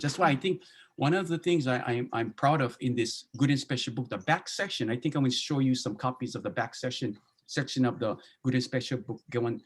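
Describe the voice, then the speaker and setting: A pastor from Hawaii with a Hawaiian Pidgin accent, talking easygoingly in a casual panel discussion over a video call and slipping into Pidgin phrasing. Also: male voice, medium pitch, fairly quick, husky. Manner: easygoing, slips into Pidgin phrasing, many restarts. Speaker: pastor and Bible translator.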